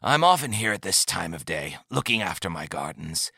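A man's voice: sits low, big pitch swings, normal speed, gravelly, sharp tone, husky, no room sound, studio quality, full character voice. A man voicing a mild-mannered old village elder. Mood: pleasant. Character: calm, pleasant old male village leader.

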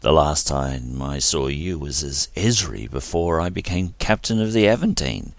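A man's voice: a bass voice, lively intonation, normal speed, gravelly, no room sound, heavily acted. A man voicing a confident, loyal male starship captain who gives firm, assured orders. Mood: warm.

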